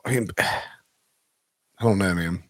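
A man's voice: sits low, drawn-out words, a bit bright, dry recording, studio quality. A man hosting a casual sports betting podcast, talking in a rambling way with many restarts. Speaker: podcast host.

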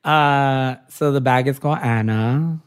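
A young man talks loosely and openly as a designer guest on an interview podcast. He tells stories in a chatty, rambling way, leaning on filler "like"s, at a mid-range pitch for a man. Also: unhurried, clear, resonant tone. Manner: chatty storytelling, many filler likes. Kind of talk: casual interview chat.

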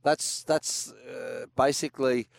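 An older Australian man chatting casually on a motorsport show, telling stories in a lively way and acting out what others said. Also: medium pitch, slow, creaky, no echo. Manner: animated storyteller, acts out quotes with laughs. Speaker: co-host, former racing driver. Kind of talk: casual chat.

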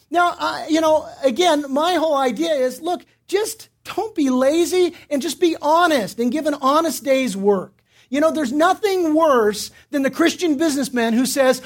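A male pastor preaching a sermon, telling stories and acting out the voices of the people in them. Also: extremely high pitch. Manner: animated, acts out voices in anecdotes, repeats words when starting. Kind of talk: sermon with storytelling. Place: church.

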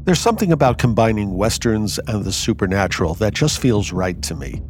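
A man hosting a fiction anthology show, reflecting on a story in thoughtful scripted commentary. His voice sits on the low side, with music playing clearly underneath. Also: animated, fairly quick, darkish tone. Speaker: anthology podcast host.

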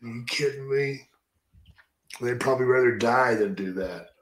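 A podcast host with a medium-pitched voice runs a casual interview at a moderate pace, speaking bluntly, swearing freely and voicing strong opinions. The recording has a roomy echo.

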